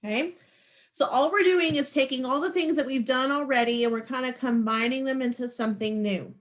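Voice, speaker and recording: A woman's voice: high voice, brisk, a bit bright. A woman teaching a math class over a video call, patient and encouraging as she explains each step. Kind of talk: online class lesson.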